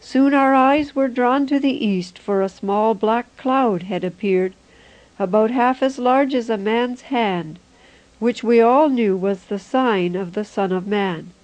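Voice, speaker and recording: A woman reading a religious vision text aloud in a slow, solemn, even way. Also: fairly high pitch, poor audio. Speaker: reader.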